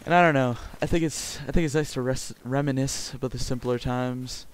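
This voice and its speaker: A man's voice: medium pitch, a little fast, clear, resonant tone. A sixteen-year-old boy from Canada, rambling crudely and jokingly through casual gameplay commentary. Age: teens. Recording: game gunfire noise behind voice.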